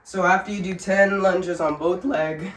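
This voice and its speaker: A woman's voice: lowish voice, fairly even intonation, a little slow, slight background noise. Sick, breathless woman vlogging in an echoey room. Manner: chatty, joking, laughs at herself. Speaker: family vlogger. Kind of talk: casual instructional vlog.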